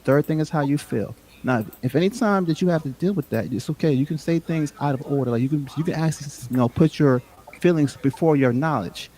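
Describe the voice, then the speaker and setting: Defensive guy on a live stream, kinda high voice, shrugs stuff off. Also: fairly quick, dark tone. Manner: defensive, brushes off criticism. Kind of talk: casual debate on a live stream.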